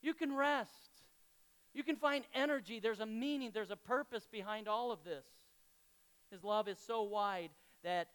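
High, clear-voiced man preaching. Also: unhurried, fairly bright tone, low-quality recording. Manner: conversational, storytelling, asks the congregation questions. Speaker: pastor. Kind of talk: sermon.

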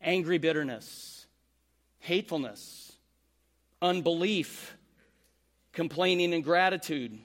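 Man, pastor, sermon, high-pitched, animated delivery, voices the quoted complaints. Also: slow, long pauses.

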